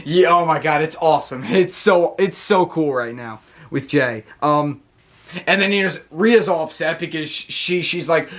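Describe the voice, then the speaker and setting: A man excitedly recapping a show in a casual, rambling way, often correcting himself and laughing. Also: a little high. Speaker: wrestling channel host.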